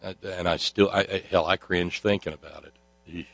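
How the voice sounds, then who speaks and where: A man's voice: deep voice, fairly even intonation, brisk, vocal fry, fairly bright tone, no room sound. A man hosting a talk show, delivering a sardonic monologue full of fillers and restarts. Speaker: host.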